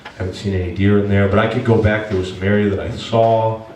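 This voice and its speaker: A male pastor telling a personal story in a sermon, animated and emotional, with many restarts. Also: lowish voice, fast talker, far from the mic, a little hiss or hum. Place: church sanctuary. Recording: echoey church room from afar.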